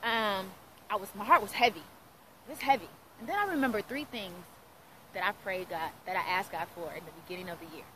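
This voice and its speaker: A woman's voice: mid-range voice, brisk, noisy background. A woman in her thirties, a radio host, telling her personal testimony in an earnest storytelling way and acting out the voices in her story. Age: 30s.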